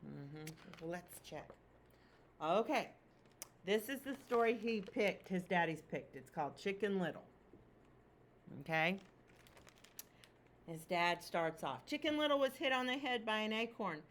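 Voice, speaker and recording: A woman teacher reading a picture book aloud to children, expressive and asking them questions. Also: medium pitch, unhurried, long pauses, a little hiss or hum.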